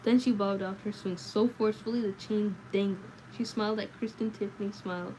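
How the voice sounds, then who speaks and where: A woman reading a novel aloud on a livestream, in a steady way with small slips and self-corrections. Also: medium pitch, a little fast, a little hiss or hum, low-quality recording. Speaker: livestream book reader.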